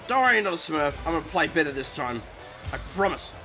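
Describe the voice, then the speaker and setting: Hyped gamer guy yelling and groaning over his match, high voice, music in the back. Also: quick pace. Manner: excitable, exclaims and groans, self-mocking. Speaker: gaming commentator. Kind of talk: live gameplay commentary.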